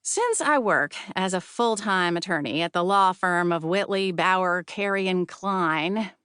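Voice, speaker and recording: A woman narrating a comic novel in first person, wry and lively, with a knack for playing up punchlines. Her voice is smooth and crisp, recorded dry on a close studio mic. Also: fairly low pitch, unhurried, dry recording. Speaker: audiobook narrator.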